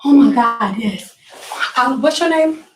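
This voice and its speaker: A woman's voice: high voice, animated, measured pace. Blunt woman chatting on a livestream. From Detroit, USA. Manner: blunt, straight-talking, chatting back to viewers. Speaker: hair stylist livestreaming. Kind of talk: casual livestream chat while working. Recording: echoey room, mic off at a distance.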